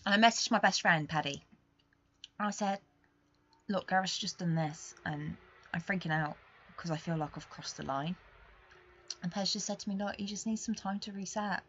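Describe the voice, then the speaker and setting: A young woman hosting a podcast, talking candidly in a rambling, confessional way that swings between quiet and emphatic. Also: mid-range voice, normal speed, pauses often, lo-fi sound, a little hiss or hum. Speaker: podcast host. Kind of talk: casual confessional monologue.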